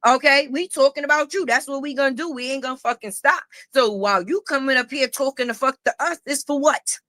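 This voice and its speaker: A high-pitched, bright-toned middle-aged woman lays into her target in a profane livestream rant. She taunts and repeats herself, close to the mic in a dry room. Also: fairly quick, dry recording. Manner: confrontational, repetitive taunting. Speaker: livestream commentator.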